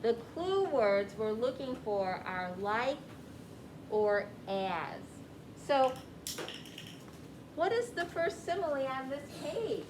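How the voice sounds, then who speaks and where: A woman's voice: high-pitched, sing-song, takes it slowly, pauses often, background noise. A woman teacher leading a classroom reading lesson, guiding students with questions. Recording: echoey room with clear background ambience.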